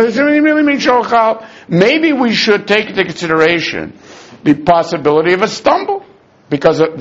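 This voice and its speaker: A man teaching a Talmud lesson in an argumentative, animated way, dropping in Aramaic terms and restarting his sentences. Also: high-pitched. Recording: dull lo-fi recording.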